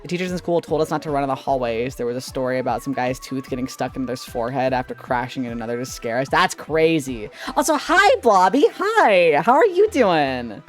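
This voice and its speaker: A young man chatting on a live stream as a VTuber, excitable, giggly and rambling, with a lot of laughter. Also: medium pitch, fairly quick, hardly any pauses, soft background music. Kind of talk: casual live-stream chat.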